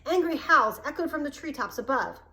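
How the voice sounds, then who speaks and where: A woman reads a storybook aloud, steady and expressive, her voice sitting somewhat high for a woman. She narrates at an even pace. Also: brisk, rough recording.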